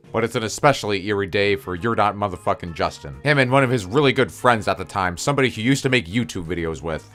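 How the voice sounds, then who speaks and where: A young man tells a story from his own life in a loose, profane way and keeps joking with mock-spooky asides. His voice sits on the low side, with faint music playing beneath him. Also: fairly bright tone. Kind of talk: casual story time.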